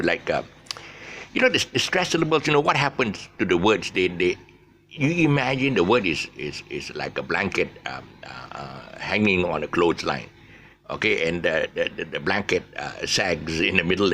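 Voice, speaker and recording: A low-pitched man gives a casual English pronunciation lesson, his voice bright and rising and falling a lot. He overstresses syllables on purpose and stumbles through restarts and fillers. A faint ambient hum sits behind him. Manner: explains with many restarts and fillers; exaggerates stressed syllables to demonstrate. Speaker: English teacher.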